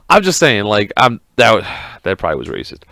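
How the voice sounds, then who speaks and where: A man hosting a podcast alone, ranting in a casual, profane, rambling and excitable way. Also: on the low side, a little slow, gravelly, no echo, studio quality. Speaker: podcast host.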